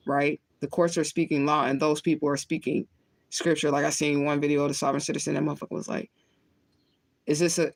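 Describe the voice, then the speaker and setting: This spiritual reader on a livestream has a low-sitting voice and chats casually, rambling, cursing, and laughing often. She lights up and smokes between thoughts, talking all the while. There's no echo on the recording.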